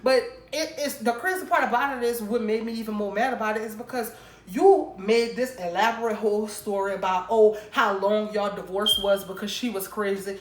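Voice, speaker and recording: A woman vlogger telling a casual storytime to her viewers, animated and emphatic, acting out both sides of the conversation. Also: mid-range voice, brisk. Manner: animated, emphatic retelling with quoted exchanges. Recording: roomy echo.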